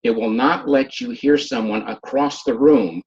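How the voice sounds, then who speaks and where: Over muffled, dull video-call audio, a hearing specialist teaches an online class in an informal lecture. He works with hearing-aid patients and acts out those patients and their families as he goes. His voice is medium-pitched and darkish, and he speaks a little slowly.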